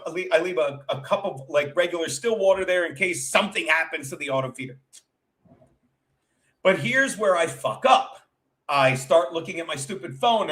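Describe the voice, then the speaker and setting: A man with a high-pitched voice hosts a casual livestream. He tells stories in a loose, tumbling way, full of profanity and self-interruptions. He keeps breaking off to talk to his viewers. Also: a bit bright. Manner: chats with live viewers. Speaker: livestream show host. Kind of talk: rambling comic storytelling.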